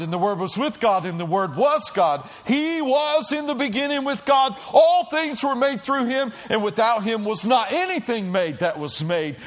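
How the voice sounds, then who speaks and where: A middle-aged male pastor preaching a sermon in a church, telling stories dramatically, dropping to a hush and then shouting as he acts out the quotes. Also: high voice. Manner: dramatic storytelling, acting out quotes, swings from hushed to shouting. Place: church auditorium.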